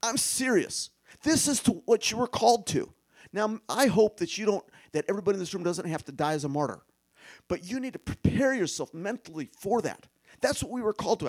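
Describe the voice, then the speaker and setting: Animated man preaching with rising emphasis. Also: a little high. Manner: emphatic, with rhetorical questions and sudden drops to a hush. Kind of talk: sermon.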